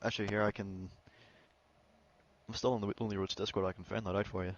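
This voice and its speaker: Low-voiced man, bantering. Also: flat delivery, quick pace, dull audio. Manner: bantering, swears freely. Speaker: podcast guest. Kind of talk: casual chat.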